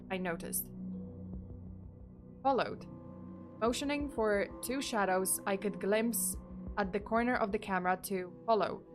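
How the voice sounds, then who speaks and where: A woman reads horror stories on a live stream, often giggling and breaking off into rambling asides. Her voice is pitched in the middle range. Faint music plays behind her. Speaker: streamer and storyteller.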